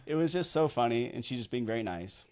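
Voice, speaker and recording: In a quick, animated, mid-range voice, a man in his thirties spins a rambling story on his podcast. He co-hosts the show and works as a wedding videographer. The delivery is chatty and self-deprecating, with "like" coming up constantly.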